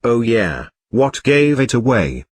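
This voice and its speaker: A man's voice: medium pitch, big pitch swings, a little slow, dry recording. A man reading Ron, a sarcastic boy wizard. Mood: chatty.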